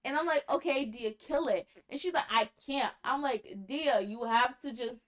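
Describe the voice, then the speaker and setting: A woman's voice: high voice, normal speed. Blunt, swearing young woman. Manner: blunt, swearing, teasing storyteller. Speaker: podcast co-host. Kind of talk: casual chat.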